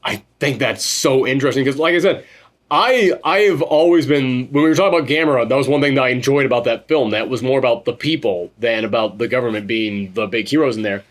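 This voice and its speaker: A man co-hosting a casual film review chat, animated, swearing freely and mimicking characters as he goes. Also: mid-range voice, quick pace. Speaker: podcast co-host reviewing a film.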